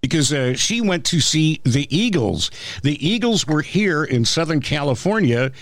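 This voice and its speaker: A man's voice: on the high side, big pitch swings, normal speed, no echo, studio quality. A man co-hosting a casual podcast, easygoing and playful. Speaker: podcast co-host. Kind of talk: casual chat.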